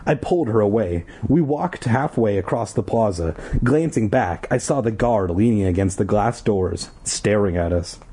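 A man's voice: on the low side, lively intonation, normal speed, hardly any pauses, dark tone, husky. A man from Southern California casually reading a children's horror book aloud, with dry joking asides. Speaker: story reader.

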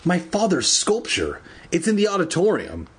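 A man voicing a determined schoolboy in a storybook reading, speaking in a slightly raised, earnest, hurried way. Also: sits high, huge pitch swings, husky, voice pushed up, heavily acted. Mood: urgent.

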